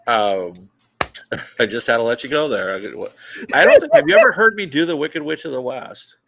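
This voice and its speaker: A man's voice: mid-range voice, wildly swooping pitch, moderate pace, vocal fry, a bit bright, a little hiss or hum. A middle-aged man hosting a casual live podcast, bantering and laughing often. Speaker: podcast host.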